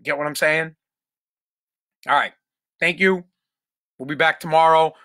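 Male podcast host, profane exasperated rant, bright tone, dry close sound. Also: on the high side, fairly even intonation, a little slow, no echo. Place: home.

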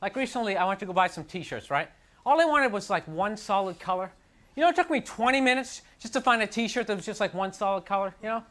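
A young stand-up comedian performs on a TV studio stage before a live audience, ranting in a frustrated, self-mocking way packed with "like" and "you know." His voice sits high and a bit bright, and he talks fast and animatedly. It's a 1990s TV broadcast with audience laughter and noise in the background.

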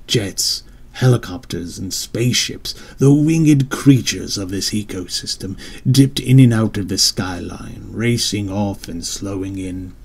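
Low, husky male audiobook narrator. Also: darkish tone. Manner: measured, descriptive storytelling. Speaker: author and narrator.

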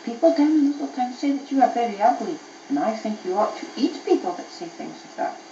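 Mom doing a sneaky telltale goblin, wheedly, swoopy voice, lo-fi cassette. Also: female voice, on the high side, sing-song, fairly quick, dark tone, slight background noise, voice pushed up. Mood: wheedling. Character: scheming little male goblin, a sly telltale. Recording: muffled old cassette tape, echoey.

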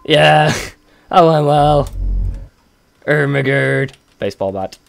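A young British man casually commentating a game he is playing, excitable and self-mocking, blurting out swears. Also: on the high side, slow, gravelly. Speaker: let's play gamer. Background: game music.

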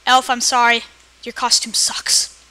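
A woman giving excitable let's play commentary, often yelling at the game. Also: fairly high pitch, unhurried, clear, resonant tone. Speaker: gamer. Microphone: personal computer mic.

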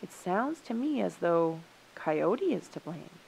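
A woman voicing a calm, helpful female raven in a storybook reading, speaking in a polite, measured way. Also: on the low side, creaky, slightly rough, heavily acted, low-quality recording. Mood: composed.

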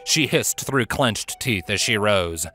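A man narrates a fantasy audiobook with steady, even storytelling. His voice is low yet bright and forward, and he reads at an easy, measured pace. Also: faint music behind.

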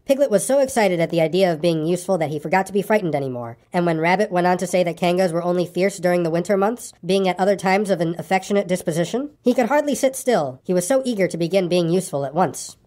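A woman narrating a children's classic as an audiobook, in a calm, even storytelling manner. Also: on the low side, quick pace, few pauses.

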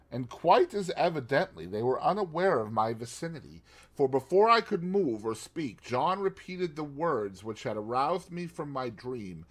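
Expressive male audiobook narrator. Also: medium pitch. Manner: expressive storytelling. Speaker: audiobook reader.

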